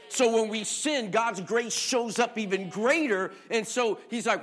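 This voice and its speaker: A middle-aged man preaching with a high-pitched voice. He swings from raised, shouted lines down to a near-quiet storytelling tone and keeps calling out questions to the congregation. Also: moderate pace. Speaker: pastor. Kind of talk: sermon.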